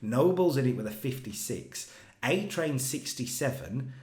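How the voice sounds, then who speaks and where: A man narrates gameplay with a lively, rising and falling pitch. He tells each scene like a story. His voice rings in an echoey room. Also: slight background noise. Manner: animated storytelling, voices characters in quick asides. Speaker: co-host booking a wrestling video game. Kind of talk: casual commentary over gameplay.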